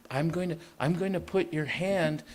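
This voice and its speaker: A man's voice: fairly high pitch, moderate pace, voice pushed up, lightly acted. A man voicing an anxious young Red Cross woman. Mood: soothing. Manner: repeats words anxiously to steady herself. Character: young woman Red Cross volunteer, frightened but caring.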